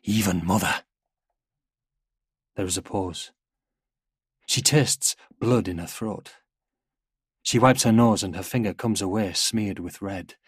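A man narrating a dark story in a slow, hushed, somber manner. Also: low voice, husky, no echo, clean studio sound. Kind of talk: scripted narration of war fiction.

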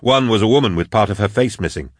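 A man narrating an audiobook in a measured, steady read, close on a studio mic. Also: on the low side, dry recording. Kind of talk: scripted narration.

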